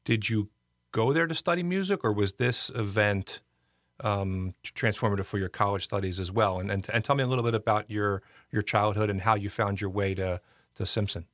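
A man hosting an interview who asks measured questions with small restarts. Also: fairly low pitch, fairly bright tone, no echo, clean studio sound. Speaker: interviewer host.

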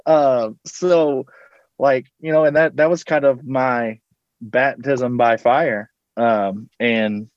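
A man's voice: medium pitch, steady tone, takes it slowly, dry recording, muffled recording. A man from Louisville, a teacher and coach, telling a story as a podcast guest in a rambling way, with lots of fillers and casual swearing. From Louisville, Kentucky.

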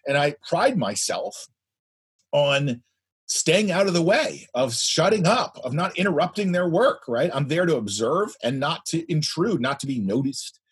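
A man in his fifties, a guest telling a story in a loud, animated way. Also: on the high side, measured pace, breathy edge. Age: 50s. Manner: animated, speaks loudly. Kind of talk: anecdotal storytelling.

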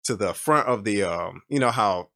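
A man's voice: fairly low pitch, expressive, normal speed, sharp tone. A young man telling his story in a casual, rambling way with many fillers and restarts.

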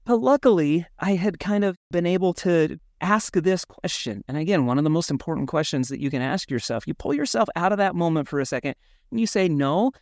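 Animated man telling stories on a podcast. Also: fairly high pitch, a little fast, creaky, dry recording, clean studio sound. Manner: animated storyteller, acts out his own thoughts. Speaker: podcast co-host. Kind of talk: casual podcast chat.

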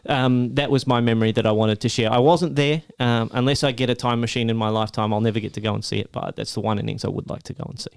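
A man's voice: medium pitch, fairly even intonation, fast, creaky, few pauses, clear, resonant tone. A man co-hosting a casual podcast, telling a story with enthusiasm, correcting himself as he goes. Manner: enthusiastic, stat-heavy, self-correcting. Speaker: podcast co-host.

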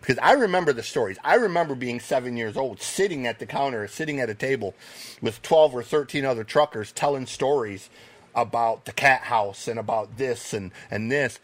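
A man, a podcast guest, telling animated stories in a casual chat, swearing now and then. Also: medium pitch, a little fast, no echo. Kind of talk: casual storytelling.

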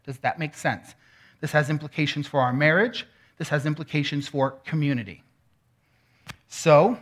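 A man's voice: a little high, a bit bright. A man preaching a sermon in a teaching manner, often checking in with the room. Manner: teaching, asks the room questions. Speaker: pastor.

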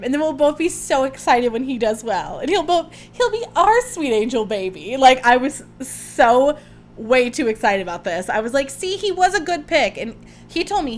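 Young woman podcaster, chatty and excitable, a touch high-pitched. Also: slight background noise. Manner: gushing, chatty, rambling with many "like"s. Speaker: podcast host. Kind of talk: casual solo chat.

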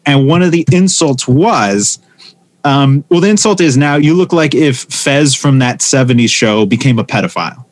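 In a relaxed conversation, a male comedian with a mid-range voice and normal pace tells lively stories, imitating the people he quotes along the way.

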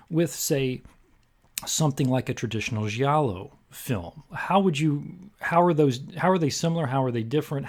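Co-hosting a casual film podcast, this man steers the conversation with his darkish mid-range voice. His questions meander, packed with fillers and restarts.

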